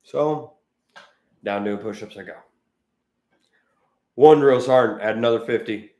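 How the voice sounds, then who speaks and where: A man co-hosting a podcast, telling animated anecdotes in casual chat. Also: medium pitch, a little slow. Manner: talkative, animated anecdote teller. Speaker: podcast co-host. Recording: roomy echoey room.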